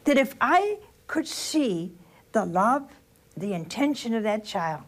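Older religious sister, homely sermon, unhurried, very expressive pitch. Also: female voice. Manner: slow storytelling with rhetorical questions to the listeners. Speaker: religious sister giving a spiritual talk.

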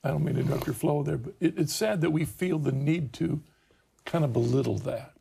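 Raspy gravelly host guy, kinda high, chiming in to agree. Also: a little fast, mellow. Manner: affirming, chiming in. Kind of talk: casual chat.

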